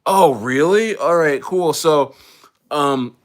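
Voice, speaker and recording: A man's voice: fairly high pitch, takes it slowly, voice pushed up. A man putting on the voice of a prying male office supervisor who questions a worker, with a falsely casual manner full of ums.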